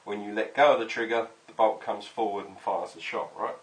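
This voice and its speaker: A man's voice: on the low side, fairly even intonation, brisk, husky, rough recording. A man chatting casually while he works in his home garage workshop, explaining each step and swearing now and then. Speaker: workshop maker.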